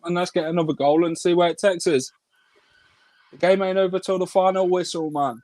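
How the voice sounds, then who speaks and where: A man's voice: high voice, steady tone, a little fast, a little mellow, no echo, poor audio. A man co-hosting a live football watchalong who passionately urges the team on and tells match stories. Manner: passionate, urging, storytelling. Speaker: co-host football fan. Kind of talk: casual live watchalong chat.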